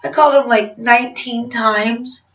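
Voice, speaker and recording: A woman's voice: a little high, steady tone, measured pace. A woman vlogger telling a rambling confessional story in a chatty way, laughing at herself. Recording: roomy, distant, slightly dull sound.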